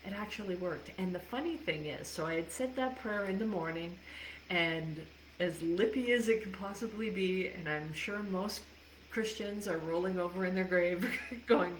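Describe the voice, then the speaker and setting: A woman's voice: lowish voice, normal speed, slight background noise. A woman life coach talking candidly to a live audience, swearing freely and laughing often. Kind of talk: casual livestream talk. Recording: echoey room with faint ambience.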